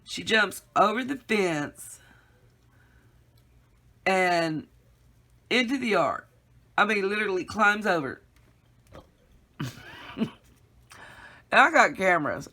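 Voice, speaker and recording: A woman's voice: medium pitch, expressive, slow, long pauses, sharp tone. A middle-aged woman casually telling a rambling story to her viewers, laughing often and calling them y'all. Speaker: craft vlogger.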